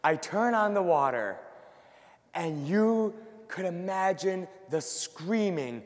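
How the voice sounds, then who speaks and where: A middle-aged man who works in ministry, telling a self-deprecating story as part of a sermon in an animated way. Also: high voice, takes it slowly. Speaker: ministry worker giving a talk. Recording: long hall reverb.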